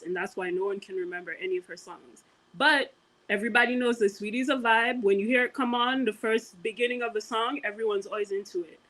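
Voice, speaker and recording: A woman co-hosting a podcast, chatting casually and giving her opinions in a relaxed, emphatic way. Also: on the high side, rough recording. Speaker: podcast co-host. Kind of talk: casual chat.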